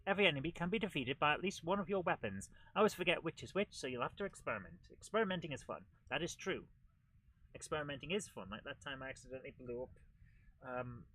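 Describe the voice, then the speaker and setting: A man hosting a retro gaming show, giving chatty, excitable commentary while he plays. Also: medium pitch, rough recording. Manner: chatty and excitable, with frequent laughs and exclamations. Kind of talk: live gameplay commentary.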